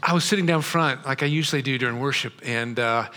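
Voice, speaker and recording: A man's voice: mid-range voice, quick pace, sharp tone, a little hiss or hum. A middle-aged man preaching to his congregation, chatty and drawing them in with questions. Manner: conversational, drawing the crowd in with questions. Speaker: pastor. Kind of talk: sermon. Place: theater used as a church.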